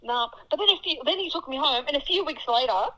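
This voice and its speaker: Young woman, high and bright, animated dramatic storyteller in casual chat. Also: quick pace, low-quality recording. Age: young adult. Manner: animated, dramatic storytelling with laughter and acted-out quotes.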